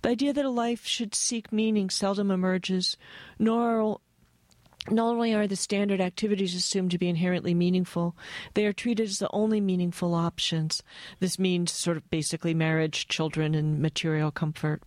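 An American woman reading aloud from her own essay and talking about it, thoughtful and wry, with a flat voice and frequent asides. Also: on the low side, moderate pace, dry recording. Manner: thoughtful, wry, given to digressions. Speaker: author.

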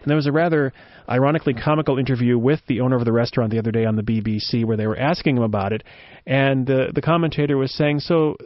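A man's voice: mid-range voice, very fast, no room sound. A man hosting a radio show, rambling through wry, joking commentary. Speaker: radio host. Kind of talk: casual commentary. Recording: dull dry lo-fi sound.

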